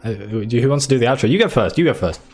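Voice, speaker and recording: A man's voice: medium pitch, animated, racing, darkish tone, soft background music. A British man co-hosting a casual gaming podcast, playful and teasing as he chats. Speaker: podcast co-host. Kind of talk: casual chat.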